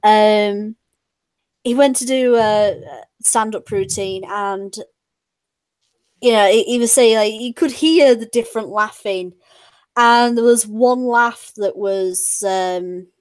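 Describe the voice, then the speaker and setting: A woman's voice: medium pitch, takes it slowly, no echo. A British woman streamer telling stories in casual chat, rambling with many fillers and restarts. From Britain.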